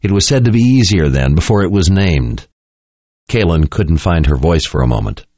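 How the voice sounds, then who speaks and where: A man reading a fantasy novel aloud in an expressive, dramatic style. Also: sits low, normal speed, dry recording. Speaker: audiobook narrator. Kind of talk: scripted narration. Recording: dull lo-fi dry recording.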